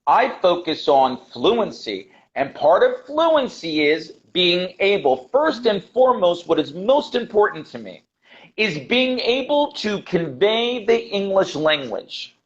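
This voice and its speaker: A man's voice: sits high, big pitch swings, slow. An American man, an English teacher being interviewed, talking passionately and emphatically, repeating his key points and calling the host brother. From United States. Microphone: video call. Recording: dull lo-fi video call audio.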